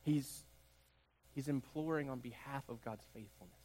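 A man's voice: mid-range voice, normal speed, a little mellow. A man preaching a sermon as pastor, building emphasis through repeated phrases. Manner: preaching with rising emphatic repetition. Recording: long hall reverb.

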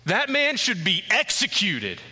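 A furious, indignant king, put on by a preacher mid-sermon shouts his outrage in a raised, strained voice. The tone is sharp and very bright. Long hall reverb trails each line. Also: high-pitched, huge pitch swings, a little slow, husky, voice pushed up, exaggerated voice. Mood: outraged.

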